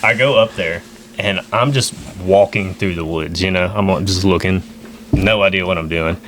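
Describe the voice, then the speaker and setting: A man telling a long hunting story on a podcast in a rambling, animated way, full of "like" and "you know.". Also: deep voice, moderate pace, a loud crowd. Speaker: guest.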